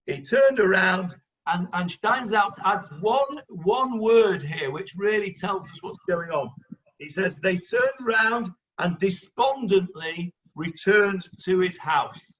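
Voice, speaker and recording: A man teaching a Bible class as a rabbi, explaining the text in lively fashion and acting out what the characters say. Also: high-pitched, slow pace, highs cut off. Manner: lively, acts out voices of the characters, interrupts the reader.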